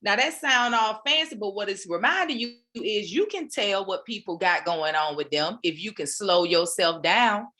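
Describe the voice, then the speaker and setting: Speaking at normal speed with few pauses, this woman has an expressive, sharp, mid-range voice. As host of a weekly at-home online motivation session, she delivers a preachy yet playful talk loaded with casual Black American slang.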